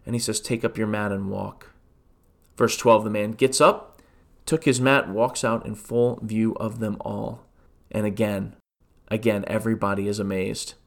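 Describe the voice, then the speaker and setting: A man's voice: on the low side, level tone, normal speed, gravelly. A man, a pastor, teaching a Bible study podcast in a conversational way, full of rhetorical questions and restarts.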